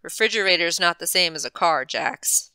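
A woman voicing a laid-back, blunt young man who drops gruff, offhand lines in a storybook reading. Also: fairly low pitch, lively intonation, normal speed, pushed and bright, dry recording.

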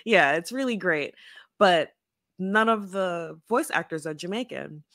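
A woman's voice: fairly low pitch, animated, a little slow, fairly bright tone, no room sound, studio quality. A woman co-hosting a casual book club podcast, chatty and opinionated with lots of fillers. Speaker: podcast co-host.

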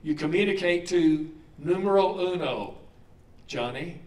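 A man's voice: high voice, unhurried, echoey room, recorded from a distance. A man preaching a sermon in a conversational way, putting questions to the congregation. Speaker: pastor.

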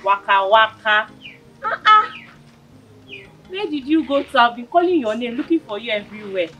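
An actress with a Nigerian accent playing a neighbor who calls out loudly for a friend. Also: female voice, fairly high pitch, sing-song, moderate pace, dull audio, faint music behind. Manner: calling out loudly. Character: neighbor woman searching and shouting for a friend.

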